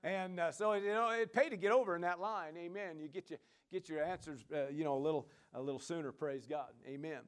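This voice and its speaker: A man's voice: a little high, a little fast, few pauses, smooth. A male pastor preaching a sermon in a casual, conversational way, dropping frequent amens and praise Gods between his points. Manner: casual, conversational delivery with many fillers.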